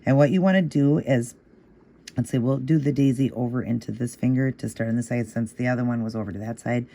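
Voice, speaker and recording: A man talks through a nail art tutorial in a casual, step-by-step way. His voice is gravelly and mellow, and he patiently repeats each move in a steady rhythm while encouraging the viewer. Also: medium pitch, brisk.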